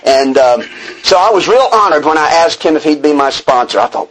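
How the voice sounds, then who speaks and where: A man's voice: fairly high pitch, brisk, low-quality recording. A man from Texas speaking at a recovery meeting. He preaches earnestly, reading a passage and then explaining it, with self-deprecating asides. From Texas, USA. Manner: self-deprecating humor with chuckles. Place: meeting room before a group.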